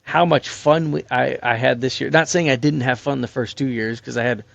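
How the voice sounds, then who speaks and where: Young male podcast guest, gravelly and dry, rambling profane camp stories. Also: medium pitch, steady tone, moderate pace, dry recording. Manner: rambling and profane, many fillers. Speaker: podcast guest, hunting crew member. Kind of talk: casual storytelling chat.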